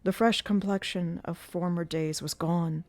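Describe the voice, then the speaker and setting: A woman narrating a classic novel aloud in a measured, dramatic reading style during a live stream. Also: on the low side, fairly even intonation, darkish tone. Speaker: audiobook reader.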